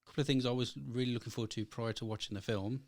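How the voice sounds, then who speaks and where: A man's voice: medium pitch, fairly even intonation, racing, dry recording, clean studio sound. A man co-hosting a casual film review, talking in a rambling way with many ums and restarts.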